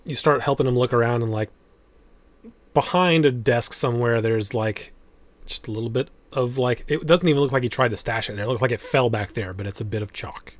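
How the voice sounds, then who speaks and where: A man running a tabletop game as game master, describing scenes in a measured, descriptive way. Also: mid-range voice, no room sound.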